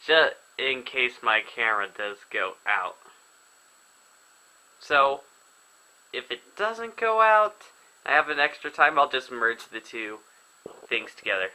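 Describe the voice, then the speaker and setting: A young man casually commenting on a video game as he plays, chatty and excitable. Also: medium pitch, slow pace, pauses often, poor audio. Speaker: gaming video host. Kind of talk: casual let's play commentary. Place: indoors at home, filming himself.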